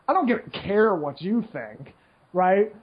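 This poker player takes his time, his high, slightly rough voice swinging widely in pitch as he rambles casually with lots of fillers and frequent "right?" checks. He mocks complainers with whiny put-on voices. The audio is lo-fi and a bit muffled.

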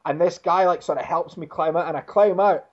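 A man telling a long personal anecdote in casual chat, swearing freely and talking with lively energy. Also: a little high, fairly quick. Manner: expletive-heavy, animated storytelling. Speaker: storyteller. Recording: dull lo-fi sound.

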